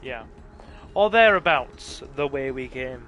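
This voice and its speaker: A man's voice: medium pitch, animated, takes it slowly, fairly bright tone, soft background music. A tired man hosting a let's play, giving chatty, joking gameplay commentary. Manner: joking, chatty, self-deprecating. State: tired, yawning.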